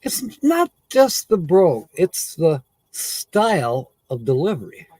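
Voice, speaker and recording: A man's voice: on the high side, sing-song, slow, mellow, no echo. A man hosting a casual live stream, rambling and chuckling often as he corrects himself.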